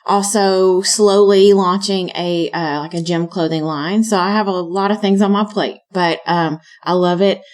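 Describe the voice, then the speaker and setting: A woman's voice: mid-range voice, steady tone, unhurried, hardly any pauses, a little mellow. A woman in her thirties from Alabama with a Southern US accent, chatting loosely as an interview guest. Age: 30s. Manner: chatty, loose storytelling with many fillers. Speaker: guest, fitness coach. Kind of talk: casual interview chat.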